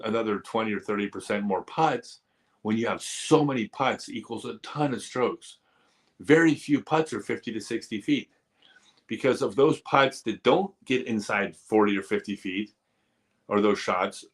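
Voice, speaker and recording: On the low side yet fairly bright, this man's voice carries a live stream where he answers questions from viewers. He offers earnest, straightforward advice in an easygoing manner, sometimes teasing and joking.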